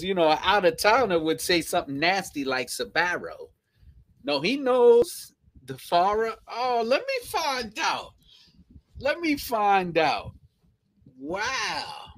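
A man's voice: high-pitched, poor audio. A man with a Brooklyn accent hosting a live stream, chatting casually and slangily with viewers. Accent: Brooklyn, New York. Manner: slangy, animated, laughs often.

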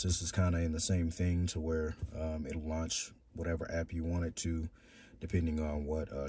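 A man's voice: deep voice, darkish tone, slight background noise. A man casually demonstrating a car stereo from inside his car, rambling and hesitant with many fillers. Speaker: car audio reviewer.

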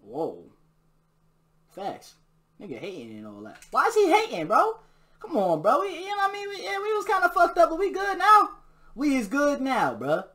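A man giving excitable live gameplay commentary, trash-talking and bursting into shouts during fights. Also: extremely high pitch, normal speed. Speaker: gamer. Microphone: new desk mic.

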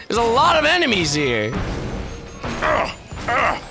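A young man doing let's play commentary, excitable and swearing, shouting at enemies as he plays. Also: very high voice, takes it slowly, pauses often. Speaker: gameplay commentator. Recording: game music behind.

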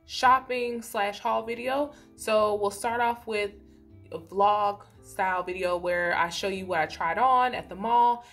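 A middle-aged woman hosting her fashion channel, giving an upbeat, clear, scripted intro. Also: medium pitch, fairly even intonation, a little slow, a bit bright, faint music behind.

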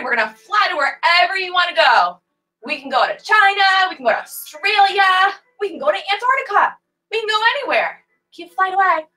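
A woman's voice: sits high, bright, forceful tone, low-quality recording. A woman in her twenties leading a children's yoga class over a livestream, playful and sing-song, barking and meowing along with the animal poses. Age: 20s. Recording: faint music behind the voice.

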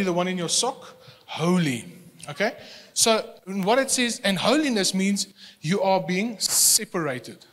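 High-voiced pastor preaching in an echoing hall. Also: male voice. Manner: animated, repeats words as he restarts, acts out little scenes. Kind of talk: sermon. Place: church hall. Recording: long hall reverb, no microphone.

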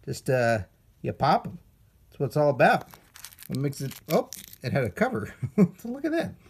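A man's voice: medium pitch, sing-song, moderate pace, slightly rough. A man hosting a toy unboxing, chatting casually with playful jokes and asides. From United States.

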